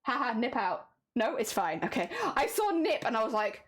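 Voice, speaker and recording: A woman's voice: high voice, very animated, brisk. A woman streaming live, chatting casually and playfully with her chat while she crafts.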